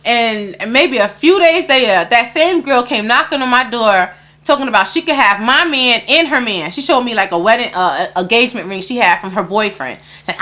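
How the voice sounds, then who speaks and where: A woman guest in an interview, telling a story in casual talk, animated and acting out other people's lines, swearing often. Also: fairly high pitch, normal speed.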